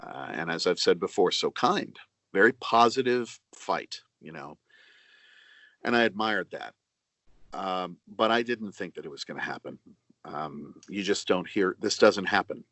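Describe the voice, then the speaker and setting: A middle-aged man, an actor and narrator, giving measured, earnest answers over a video call, pausing often. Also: deep voice, lively intonation, a bit bright, no echo. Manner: earnest, measured, with many pauses and fillers. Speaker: actor and audiobook narrator, interview guest. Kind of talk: reflective interview answers.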